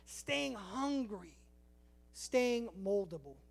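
A man preaching a sermon, animated and storytelling, acting out little dialogues. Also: high-pitched, very slow, vocal fry. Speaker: pastor.

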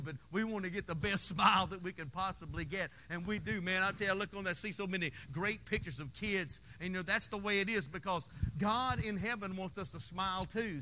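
A man's voice: sits high, bright, forceful tone, slight background noise. A man preaching a sermon in a folksy, call-and-response style, with playful asides to the congregation. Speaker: pastor.

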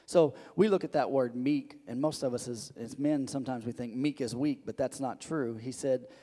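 A man preaching a sermon as a pastor, loud on his emphasis and hushed on his quiet lines, often repeating and restarting words. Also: mid-range voice, moderate pace. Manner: animated, swings between loud emphasis and soft hushed lines; frequent repetitions and restarts. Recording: long reverb of a large hall.

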